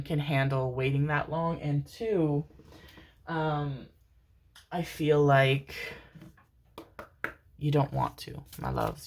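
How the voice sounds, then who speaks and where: A woman giving a casual tarot reading to her viewers, rambling and emotional, calling them pet names and swearing casually. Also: sits low. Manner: tender, calls listeners pet names. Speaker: tarot reader.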